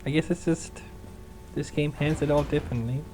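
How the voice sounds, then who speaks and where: A woman's voice: deep voice, fairly even intonation, moderate pace, rough recording. A woman hosting a let's play, rambling through casual gameplay commentary and laughing often.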